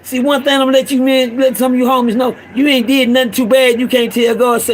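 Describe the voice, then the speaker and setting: Casual preacher-style rant from a middle-aged guy with a high voice, fired up, says things over and over, drops low and gravelly when he gets serious. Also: level tone, quick pace, a little hiss or hum, low-quality recording. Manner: fervent, repetitive, swings between raised urging and low growl. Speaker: father addressing other fathers. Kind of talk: impassioned street-sermon monologue.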